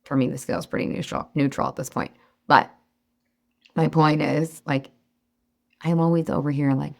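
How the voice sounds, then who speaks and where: Chatty encouraging woman coach, lowish voice. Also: steady tone, moderate pace, gravelly, long pauses. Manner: chatty and encouraging, acts out her own inner voice. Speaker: weight loss coach. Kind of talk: webinar talk to an audience.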